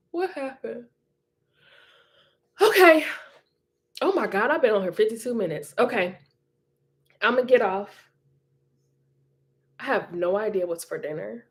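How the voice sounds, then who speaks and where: A woman's voice: a little high, lively intonation, slow pace, long pauses. A woman hosting a casual livestream, reading viewer comments in a chatty, encouraging way and laughing often. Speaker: livestream host.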